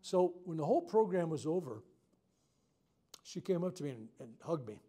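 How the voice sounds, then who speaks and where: A man, a reverend leading a self-healing workshop, telling stories to a live group in a frank, unscripted and heartfelt way, with loud outbursts at dramatic moments. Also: on the high side, very animated, moderate pace, husky. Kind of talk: storytelling talk to a live group. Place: workshop room with a live audience.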